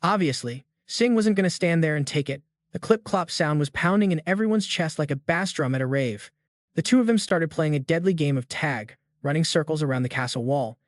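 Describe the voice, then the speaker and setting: A man's voice: fairly high pitch, normal speed, dry recording, studio quality. A man narrating a comic recap in a slangy, hyped-up storytelling manner. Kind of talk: scripted narration.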